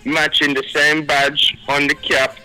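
Bright-voiced Jamaican man in his fifties. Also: a little high, level tone, a little slow, soft background music, rough recording. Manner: playful, rhyming wordplay, patois. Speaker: guest, reggae artist. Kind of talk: casual radio chat.

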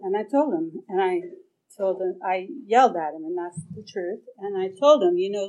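A woman's voice: medium pitch, moderate pace, a little mellow, poor audio. Woman, middle-aged, recovery meeting speaker, candid, swears freely, mid-range voice. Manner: candid, profane, acts out her own past reactions. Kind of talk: personal recovery story at a meeting. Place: meeting hall.

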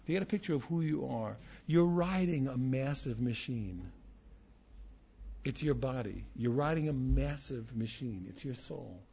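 A man teaching an informal Torah class, animated and repetitive, often asking "you understand?". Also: mid-range voice, normal speed, vocal fry, slightly rough, lo-fi sound.

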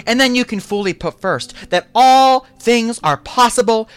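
A pastor preaching a sermon in repeated, declaring lines that rise to shouts. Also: mid-range voice, expressive, unhurried, few pauses, smooth, soft background music.

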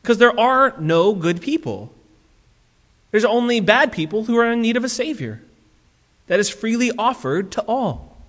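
Man, preacher, sermon, animated, acts out quotes, high-pitched, long reverb. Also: unhurried, pauses often. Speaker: pastor.

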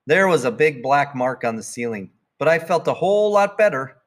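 A man's voice: on the high side, moderate pace. Man reading a storybook aloud. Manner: plain, even read-aloud telling. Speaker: narrator.

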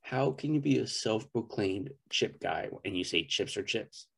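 A man's voice: fairly low pitch, expressive, moderate pace, gravelly, a bit bright, breathy edge. A man co-hosting a podcast in casual chat, playfully indignant and emphatic, swearing now and then. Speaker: podcast co-host.

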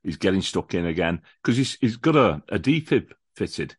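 As a podcast guest and lifelong fan of the visiting football club, a man gives a chatty, enthusiastic match preview full of restarts and repeated words. His low voice is very animated with a breathy edge at normal speed, in clean, echo-free studio sound.

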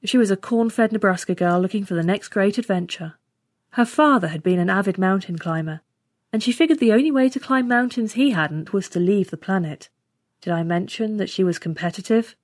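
A woman narrating a first-person science fiction story in steady, scripted storytelling. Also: mid-range voice, a little fast, no room sound, clean studio sound. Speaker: story reader.

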